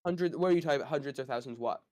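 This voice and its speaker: A man's voice: medium pitch, very fast, a little mellow. Hedging man thinking aloud. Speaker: debater. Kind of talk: casual debate chat.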